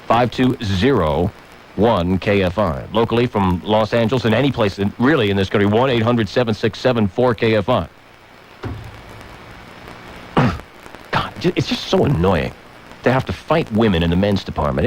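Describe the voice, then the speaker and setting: A man hosting a talk radio show from a studio microphone, ranting with shouted mock outbursts. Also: on the low side, expressive, moderate pace, pauses often, slight background noise, low-quality recording.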